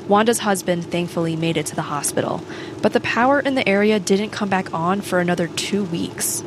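A woman reporting a public radio news story in a measured, clear voice. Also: mid-range voice, background noise.

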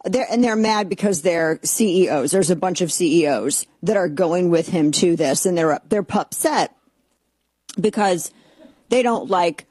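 Woman, radio talk host, lowish voice, sarcastic, dry studio sound. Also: a little slow, a little mellow, slightly rough, no room sound. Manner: sarcastic, exasperated, mocking voices. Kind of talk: opinionated talk radio monologue.

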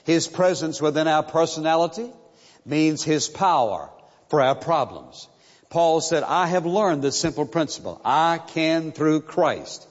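A man preaching a sermon, slow and emphatic, repeating key phrases for stress. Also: on the high side, lively intonation. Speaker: pastor. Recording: muffled sound in a reverberant hall.

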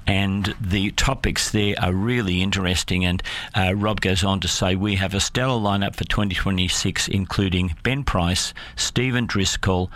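A man hosting a Christian radio program, reading announcements in an unhurried way with many fillers and self-corrections. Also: sits low, steady tone, fairly bright tone, no room sound.

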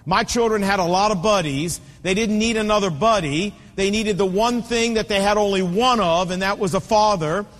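High-voiced preacher in a reverberant hall. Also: male voice, normal speed, few pauses, a bit bright. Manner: emphatic, repetitive preaching cadence. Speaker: pastor. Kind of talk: sermon.

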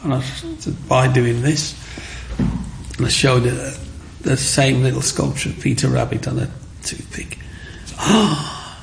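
A man's voice: mid-range voice, flat delivery, a little slow, vocal fry, noisy background. A man, an interview guest telling his life story and acting out the people in it. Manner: acts out the people in his stories. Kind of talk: personal storytelling.

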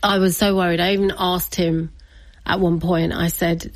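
A woman's voice: lowish voice, little pitch movement, normal speed, no echo. A woman, telling her family story as an interview guest, chatty and often laughing. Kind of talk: personal storytelling.

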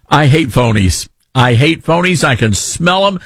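A man's voice: fairly high pitch, lively intonation, a little slow, few pauses, a bit bright, no echo. A man with a Southern accent hosting talk radio, ranting sarcastically in an opinionated way.

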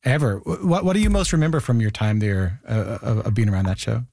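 A man hosting an interview who fires off his questions at a brisk clip. He often restarts his sentences as he goes. His voice sits in a middle pitch and sounds dry and close. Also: gravelly, mellow, no echo. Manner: quick questions with stumbling restarts. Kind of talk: conversational interview.

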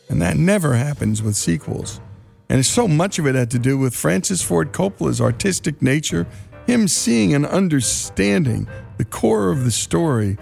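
A man's voice: a little high, gravelly, a little mellow. A man hosting a radio show, wrapping up a segment with enthusiastic, emphatic commentary. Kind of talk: program wrap-up commentary.

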